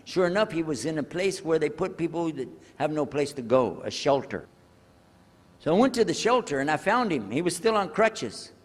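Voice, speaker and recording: An older man telling a personal story to an audience, animated and acting out the people in it. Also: on the high side, normal speed. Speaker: speaker telling his conversion story. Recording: echoey hall.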